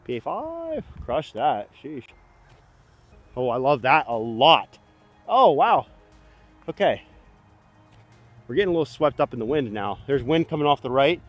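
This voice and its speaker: Excitable man narrating his own disc throws. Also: mid-range voice, moderate pace, long pauses, faint music behind. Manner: excitable, self-critical, talks to himself between throws. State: a bit out of breath. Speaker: disc golf vlogger. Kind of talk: casual running commentary while playing. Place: outdoors on a disc golf course.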